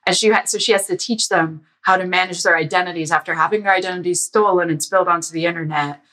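Bright-toned woman telling lively anecdotes. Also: fairly low pitch, quick pace, poor audio. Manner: lively anecdotes, acts out quoted dialogue. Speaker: podcast guest, security author. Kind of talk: casual storytelling interview. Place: lives in a Canadian province.

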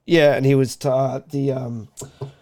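A man's voice: mid-range voice, level tone, unhurried, a little mellow. A man hosting a podcast, chatting casually and easily with his guest. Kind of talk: casual chat.

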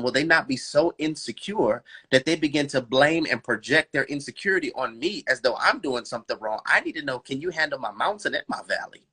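Fervent preacher-style man, bright husky voice. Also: medium pitch. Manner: fervent, preacher-like cadence with rhetorical questions; laughs and addresses listeners as bro, girl. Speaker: faith and relationship speaker. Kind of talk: preachy podcast conversation.

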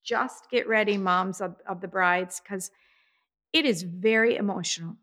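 Bright-voiced chatty mother. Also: mid-range voice, unhurried. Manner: emotional, chatty storytelling. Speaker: podcast co-host, mother of the bride. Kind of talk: casual chat. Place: apartment.

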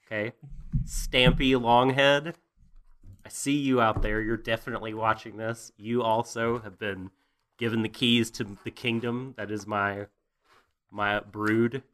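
A man's voice: on the low side, flat delivery, normal speed, fairly bright tone. A man co-hosting a casual anime recap, jokey, profane and rambling. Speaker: podcast co-host.

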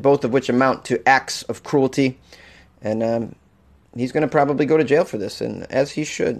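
A man hosting a comedic talk show, reading odd news stories aloud and joking with frequent laughs and stammered restarts. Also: medium pitch. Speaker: host.

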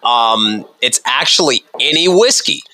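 A man's voice: medium pitch, expressive, unhurried, sharp tone, poor audio. A man hosting a casual podcast chat, quizzing his co-hosts in a playful, teasing way. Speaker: podcast host.

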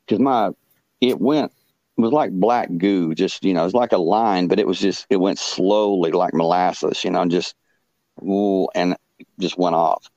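A man, a podcast guest, telling a story casually in a halting way, full of fillers and restarts. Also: deep voice, a little mellow, no room sound, highs cut off.

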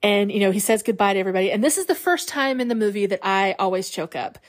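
A woman's voice: medium pitch, quick pace. A woman podcast host casually retelling a movie scene by scene, acting out the characters' lines with feeling. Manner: animated retelling, acts out quotes, laughs.

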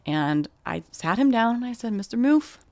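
A woman's voice: mid-range voice, animated, moderate pace, gravelly, no echo. A young adult woman, a podcast host, telling a personal story in a candid, emotional way with casual fillers.

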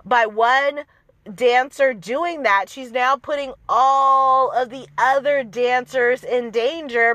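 Woman host, higher voice, dry close sound, blunt and profane show recap. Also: sharp tone, no room sound. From outside the American South. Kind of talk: casual chat.

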